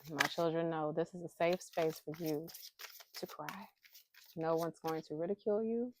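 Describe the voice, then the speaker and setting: A woman's voice: sits low, fairly even intonation, moderate pace, background noise. A woman talking casually to her camera about faith and emotions, heartfelt and candid, with bursts of emphatic pleading. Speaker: spiritual vlogger drawing inspiration cards. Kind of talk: casual spiritual talk to camera. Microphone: phone camera held close.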